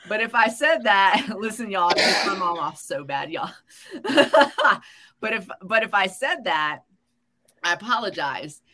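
Woman podcast co-host, bright tone, chatty storyteller who acts out quoted lines. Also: mid-range voice, moderate pace. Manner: animated, acts out quoted voices, laughs often. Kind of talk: casual chat, storytelling.

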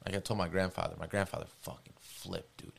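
A young man with a low, gravelly voice tells a story as a podcast guest. He talks in an animated, profane way and repeats himself for emphasis. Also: fast talker. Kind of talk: casual storytelling.

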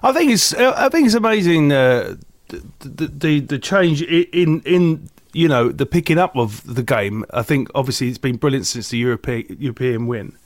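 A man co-hosting a casual chat podcast, airing opinions in an animated, rambling way with stammered restarts and laughter. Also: medium pitch, normal speed, no room sound. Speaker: podcast co-host.

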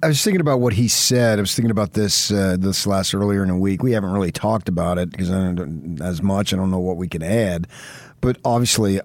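A man's voice: deep voice, a little mellow, no room sound. A man co-hosting a sports radio show, talking in a reflective, conversational way. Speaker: radio co-host. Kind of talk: casual radio chat.

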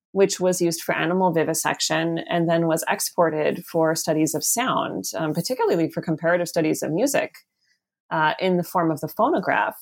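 A woman's voice: fairly low pitch, vocal fry. A woman, an author, answering an interview question about her book, thinking aloud with many ums and restarts. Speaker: author and guest.

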